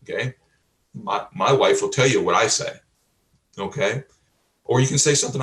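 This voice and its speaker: A man teaching like a pastor, emphatic and repetitive, asking rhetorical questions and often adding "okay?", with frequent throat clearing. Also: lowish voice, moderate pace, pauses often, fairly bright tone. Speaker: pastor and life coach. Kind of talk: teaching sermon. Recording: roomy, from a distance.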